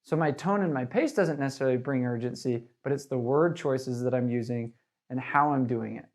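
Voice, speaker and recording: A man teaching door-to-door sales in an energetic, casual way, with lots of fillers. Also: medium pitch, fairly quick. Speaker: sales trainer. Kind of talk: sales training talk.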